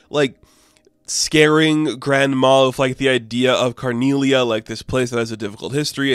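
A man in mid pitch rambles through a comic recap in a loose, profane way, dropping "like" every few words. His voice sits dry and close, with no room sound around it. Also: fairly bright tone, dry recording. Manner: loose and profane, full of "like", acts out characters in passing. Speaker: comic book reviewer.

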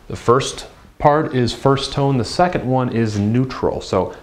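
Man, language teacher, unhurried delivery, upbeat, repeats every word for drilling. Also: mid-range voice. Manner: upbeat, drills words slowly with repetition. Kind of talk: classroom-style language lesson.

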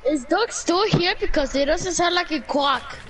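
A woman's voice: sits high, normal speed, fairly bright tone, a little hiss or hum. A woman chatting casually over a game, playful and fond of repeating silly quacking noises. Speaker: gamer. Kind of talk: casual gameplay chat.

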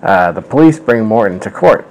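A man's voice: lowish voice, lively intonation, normal speed, darkish tone, a little hiss or hum, poor audio. A man hosting a show, reading a story aloud with wry, amused commentary. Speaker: host.

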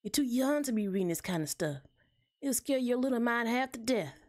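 A woman with a Southern accent voicing a weary, hardworking mother rabbit in a game, talking with a tired, soft drawl. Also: a little high, expressive, brisk, natural voice. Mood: scolding. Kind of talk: game voice-acting.

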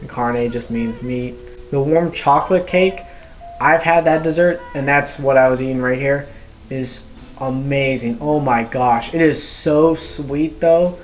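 A man's voice: medium pitch, unhurried, soft background music. A man reviewing a restaurant in a casual vlog, gushing with enthusiasm and tossing in playful asides.

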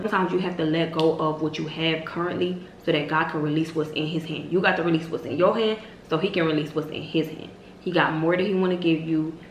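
Emphatic young woman, roomy echo. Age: 20s. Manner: emphatic, preachy, repetitive, bursts into loud high exclamations. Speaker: vlogger host. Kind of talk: motivational faith-based vlog talk. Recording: roomy echo with faint hiss.

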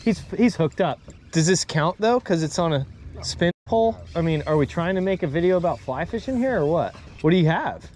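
A man's voice: fairly high pitch, expressive, fairly quick, a little mellow, a little hiss or hum. A man hosting his own fly fishing videos, talking in a casual, joking way and laughing often. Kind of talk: casual vlog narration and on-river banter.

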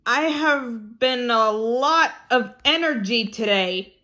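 A woman's voice: fairly high pitch, slow, pushed and bright, muffled recording. A woman puppeteer rambling chattily through a puppet show.

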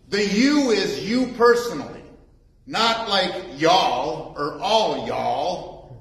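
Slow, emphatic preaching man in an echoey church. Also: fairly high pitch. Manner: emphatic, repeats key phrases for weight. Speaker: pastor. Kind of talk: sermon with scripture reading. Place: church sanctuary.

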